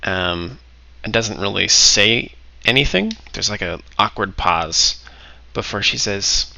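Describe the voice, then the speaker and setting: Game master, man, bright tense voice, dry close sound, jokey, laughs a lot. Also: on the low side, expressive, takes it slowly, gravelly, dry recording, poor audio. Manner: laughing, joking, easily sidetracked. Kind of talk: running a tabletop game over voice chat.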